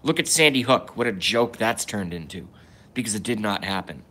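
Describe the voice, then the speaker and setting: A man's voice: fairly low pitch, expressive, normal speed, fairly bright tone. A young adult man hosting a solo livestream rant. He rambles in stop-start bursts full of restarts and asides, and reads viewer comments aloud and answers them. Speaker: livestream host.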